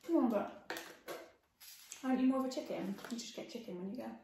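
A playful young woman with a slightly raised pitch chats cheerfully over a meal. Her voice bounces around a strongly echoing room, with a faint hiss in the background. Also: fast, creaky, warm tone. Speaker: co-host. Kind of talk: casual chat while eating. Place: indoor room, seated at a table. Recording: very echoey room.

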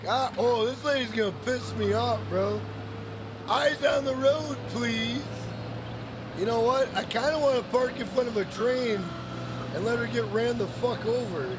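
A young man streaming a game, cursing and ranting at the characters in loose, rambling talk. His voice is very high for a man. Steady noise sits under his commentary. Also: normal speed. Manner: profane, hot-tempered, rambling. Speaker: gaming streamer. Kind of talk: casual let's play commentary.

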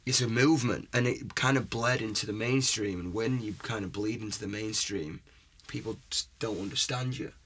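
A young man speaks as a guest musician in a relaxed interview, his voice husky and sitting fairly low. He talks earnestly in long, rambling stretches and keeps checking that his listener follows him. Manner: earnest and rambling, often asks "you know what I mean?". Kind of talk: casual interview chat.

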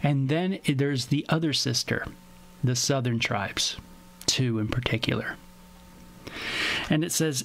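A man leading a relaxed Bible teaching from his home. He talks in an easygoing, conversational way and slips into quick skits with other voices. His voice sits at an ordinary middle pitch.

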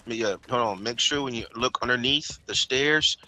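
A man's voice: mid-range voice, normal speed, rough recording. A man trash-talking and teasing friends while playing a shooter game. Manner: loud, teasing trash talk. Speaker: gamer. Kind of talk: casual chat while gaming.

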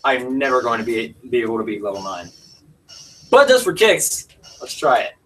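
A man livestreaming a fighting game, swearing and yelling outbursts between muttered comments. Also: medium pitch, sing-song, moderate pace, far from the mic.

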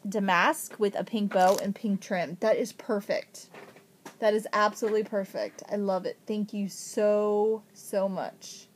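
A woman from Ohio in a casual unboxing vlog, gushing with excitement, gasping and thanking a friend over each gift. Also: medium pitch, a little hiss or hum. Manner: gushing, excited, frequent gasps. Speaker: vlogger.

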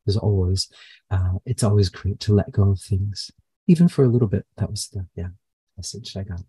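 A man channeler in a live session, speaking haltingly with many fillers and restarts. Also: fairly low pitch, warm tone, slightly rough, dry recording.

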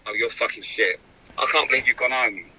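A man on a phone call, talking quickly in blunt, teasing banter with a friend. His voice is very bright and tense, and he swears freely. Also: mid-range voice, slightly rough, no room sound.

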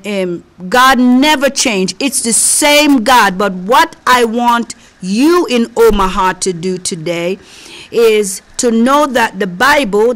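A woman's voice: fairly high pitch, a bit bright. A woman preacher with a slight accent giving a conversational sermon, speaking earnestly and directly to her listeners. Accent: non-native English. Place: local community TV studio.

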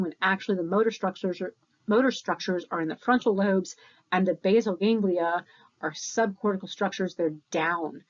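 A woman's voice: lowish voice, lo-fi sound. A woman giving a recorded university lecture in a conversational way, correcting herself as she goes and counting beats aloud.

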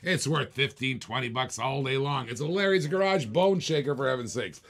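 A man's voice: mid-range voice, moderate pace, a bit bright. A man hosting a live toy car auction, joking and urging bidders on, a little short of breath.

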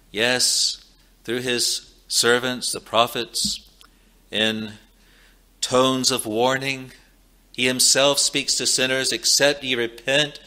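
A man preaches a sermon at a very slow, deliberate pace. His mid-range voice is bright and carries solemn emphasis, and he returns to key phrases again and again. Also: mid-range voice. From Scotland. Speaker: pastor.

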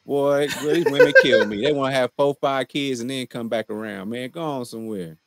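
A man's voice: mid-range voice, moderate pace, heavy background noise. A young man co-hosting a casual TV recap chat, joking in laid-back banter and laughing often. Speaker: show co-host.

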